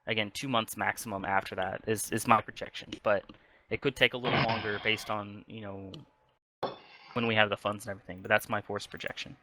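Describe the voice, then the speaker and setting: A man's voice: lowish voice, level tone, brisk, noisy background. A man leading an online community meeting in a casual, rambling way, full of restarts and fillers, over a voice chat mic. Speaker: community leader running a meeting. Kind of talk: casual online town hall talk.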